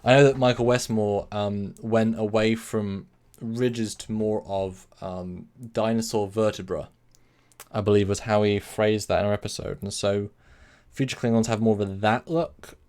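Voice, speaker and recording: A man's voice: fairly low pitch, steady tone, normal speed, darkish tone. A man hosting a casual live stream, rambling, correcting himself and answering chat messages. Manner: rambling, self-correcting, reads chat aloud.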